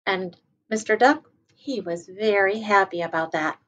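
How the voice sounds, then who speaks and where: A woman kindergarten teacher reading a picture book aloud to children, gently stopping to explain words. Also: medium pitch, a little slow, highs cut off.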